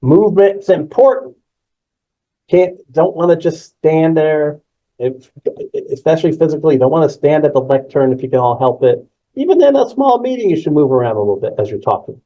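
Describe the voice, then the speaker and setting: A man hosts a live webinar on presentation skills, energetic and emphatic, repeating key words and responding to the chat. His voice is a little high and a little fast, and the recording sounds muffled.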